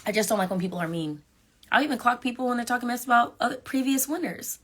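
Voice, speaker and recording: A young woman chatting casually with fans on a live stream, animated and sassy, talking straight to her viewers. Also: on the high side, fast. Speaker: reality show contestant on a live stream. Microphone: phone.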